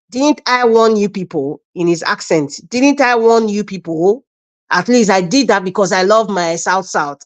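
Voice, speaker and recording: A Nigerian woman, a guest on a live-stream panel, giving emphatic and mocking political commentary and repeating her points. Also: mid-range voice.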